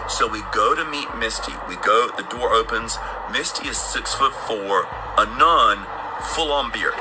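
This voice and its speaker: A middle-aged man tells a rambling personal story, lively and casual, in a plain mid-range voice. Steady background ambience hisses under him. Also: medium pitch, moderate pace. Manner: animated, acts out voices in his story.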